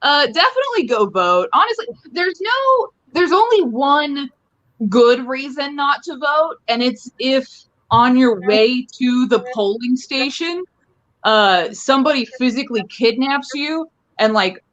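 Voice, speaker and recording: A woman's voice: sits high, animated, unhurried, fairly bright tone, muffled recording. A young woman doing rambling, self-amused stand-up comedy from home into her phone. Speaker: stand-up comic. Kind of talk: casual stand-up riffing.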